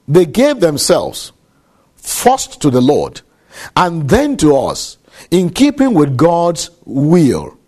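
A man preaching a sermon, measured and deliberate, repeating key phrases for emphasis. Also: on the high side, mellow.

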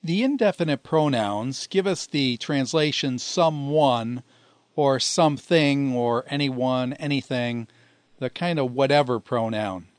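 A man teaching grammar at a methodical pace, slowing down to spell out each form. His voice sits at an ordinary middle pitch. The sound is dry and close, with no room around it. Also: dry recording. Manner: patient, methodical explaining, slowing to spell out forms. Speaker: Greek teacher. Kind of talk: recorded grammar lecture.

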